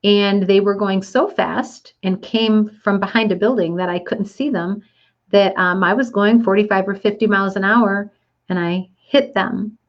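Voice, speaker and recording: A woman speaking earnestly and from the heart about a personal experience, a little teary-eyed, with the odd restart and soft laugh. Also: mid-range voice, fairly even intonation, moderate pace, lo-fi sound. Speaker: motivational speaker. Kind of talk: personal reflective monologue.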